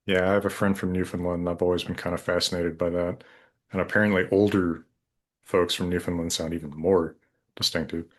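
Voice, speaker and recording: Man, deep voice, Colorado Western drawl, thoughtful interview guest. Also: flat delivery. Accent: Colorado, American West. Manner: slow drawl, thoughtful, hedging. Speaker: guest linguist. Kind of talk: conversational interview.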